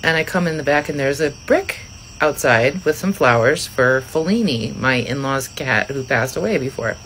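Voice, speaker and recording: Low voice mom, easygoing, matter of fact, faint crickets outside. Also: female voice, expressive, moderate pace, a bit bright, a little hiss or hum, poor audio. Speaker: mother telling a story. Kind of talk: casual storytelling to camera.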